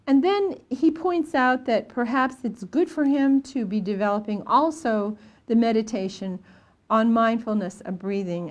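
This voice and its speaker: An older woman, a Buddhist nun, giving a storytelling dharma talk with frequent fillers and restarts. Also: medium pitch.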